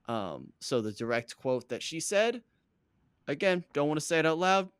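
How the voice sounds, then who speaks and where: A man's voice: fairly high pitch, big pitch swings, normal speed, a bit bright, clean tone, no echo. A man co-hosting a podcast, recapping a reality dating show in casual, joking chat and laughing often. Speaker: podcast co-host.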